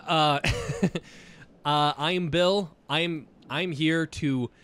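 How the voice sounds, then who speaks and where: A young man hosts a casual let's-play gaming video, rambling, stammering, laughing often, and letting out excited whoops as he plays. His voice is fairly high, very slow, gravelly yet smooth.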